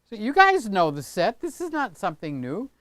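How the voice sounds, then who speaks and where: A man's voice: sits high, wildly swooping pitch, moderate pace, a bit bright, dry recording. An older man hosting a casual livestream from his home studio, rambling and chatty, often tagging on "okay?". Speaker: channel host. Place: home studio room with set pieces.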